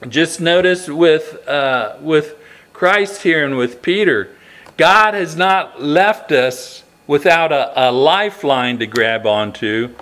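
A man delivers a sermon at an unhurried pace. His voice sits a little high for a man, and he asks the listeners questions, often restarting a phrase before pressing on. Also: a bit bright. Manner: slow, earnest, with rhetorical questions and restarts. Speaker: preacher.

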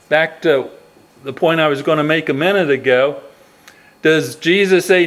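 A man's voice: on the high side, moderate pace. A man preaching a sermon, reading scripture and asking earnest rhetorical questions, with frequent restarts.

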